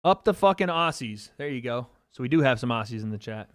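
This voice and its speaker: This livestream host runs a watch party for the fights, offering loose, profane live commentary while laughing and talking with viewers. His voice is medium-pitched with lively intonation, and he speaks a little fast.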